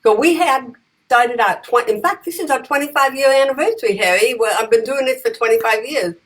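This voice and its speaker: A woman telling lively stories in casual conversation, acting out the voices of the people in them. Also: on the high side, brisk, low-quality recording. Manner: animated, acts out voices in her stories. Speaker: guest, comedian and advocate. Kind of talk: conversational storytelling.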